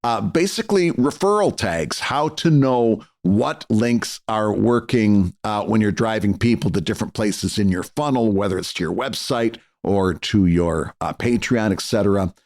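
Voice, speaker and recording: Relaxed American co-host, lively pitch, talks things through loosely. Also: male voice, normal speed, few pauses. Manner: relaxed, rambling explanations. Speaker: podcast co-host. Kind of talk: casual chat.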